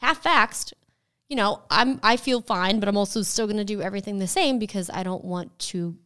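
A woman co-hosting a casual chat, talking in loose run-on bits with many fillers. Her voice is bright and forceful, and she often slips into quoted voices to retell a story. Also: medium pitch, moderate pace, clean tone.

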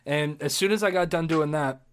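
With a clean tone and a fairly quick delivery, a young man whose voice sits on the high side tells an animated podcast story, full of swearing, laughter, and reenacted shouts.

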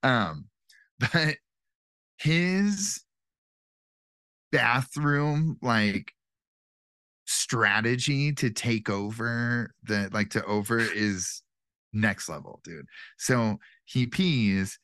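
Male podcast co-host, mid pitch, bright tone, dry close mic, easygoing rambling banter. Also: drawn-out words, long pauses, dry recording. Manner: laid-back, joking, lots of "like" and restarts. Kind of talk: casual movie-review chat.

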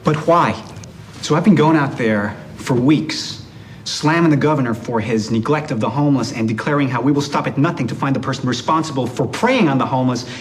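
A man's voice: medium pitch, fairly quick, slight background noise, close to an everyday voice. An Irish actor playing a furious, ambitious male city mayor, ranting in a put-on Baltimore American accent. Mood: exasperated. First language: Irish English. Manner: exasperated, ranting.

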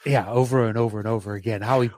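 A man's voice: on the low side, steady tone, rapid-fire, darkish tone, dry recording. A man in casual podcast talk, rambling enthusiastically about a movie he loves, with frequent restarts. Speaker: podcast co-host. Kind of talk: casual film discussion.

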